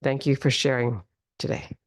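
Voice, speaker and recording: A woman teaching a qigong and tai chi class, giving calm, slow instructions and drawing out the healing sounds. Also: extremely low pitch, no room sound, clean studio sound. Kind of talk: guided movement class. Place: studio class in the city.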